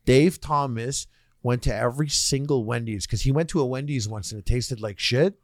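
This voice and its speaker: A young man co-hosting a podcast, giving quick, teasing, rambling explanations. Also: medium pitch, no echo, studio quality. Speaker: podcast co-host. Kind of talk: casual podcast banter.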